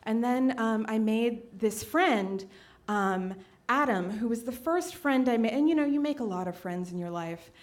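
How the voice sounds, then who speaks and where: A woman's voice: animated, normal speed. A woman in her late twenties telling a personal story on stage, conversational, with many fillers, acting out the quotes. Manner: conversational, many fillers, acts out quotes with big pitch jumps. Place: stage at a live storytelling event.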